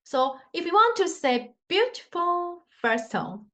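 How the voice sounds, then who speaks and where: A woman's voice: very high voice, sing-song, slow pace, bright, forceful tone. A woman teaching a Mandarin lesson in simple non-native English, patiently demonstrating tones with sung scales. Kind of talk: online language lesson.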